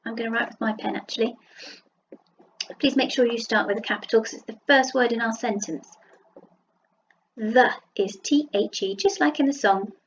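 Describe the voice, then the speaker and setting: Southern English teacher sounding out letters. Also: female voice, fairly high pitch, highs cut off, a little hiss or hum. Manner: sounds out letters slowly and praises warmly. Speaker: primary school teacher. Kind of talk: recorded phonics lesson for young children. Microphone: computer mic while writing with a mouse.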